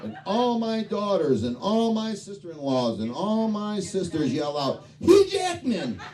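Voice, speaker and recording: A man's voice: high-pitched, very animated, measured pace, darkish tone. A man in his fifties doing a crude, profane stand-up routine on a club stage. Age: 50s. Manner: profane, rowdy storytelling. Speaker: stand-up comedian. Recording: distant mic, noisy club. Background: audience laughter.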